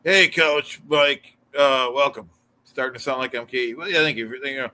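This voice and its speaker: A man hosting a livestream who talks calmly, leans on fillers like "you know, so," and tries to settle his caller down. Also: medium pitch, moderate pace. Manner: calm, filler-heavy, soothing. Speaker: livestream host. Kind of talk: casual livestream chat.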